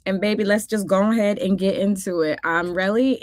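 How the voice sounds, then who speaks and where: A woman's voice: medium pitch, moderate pace, hardly any pauses, dry recording, studio quality. A woman hosting a casual cartoon recap vlog, talking in a sassy, exclamatory way full of playful asides. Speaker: host.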